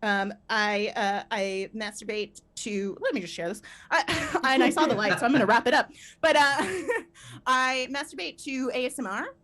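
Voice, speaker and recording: Bright, animated woman doing stand-up. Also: on the high side, normal speed. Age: 30s. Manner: animated, laughs through her punchlines. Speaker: stand-up comedian. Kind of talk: live stand-up set.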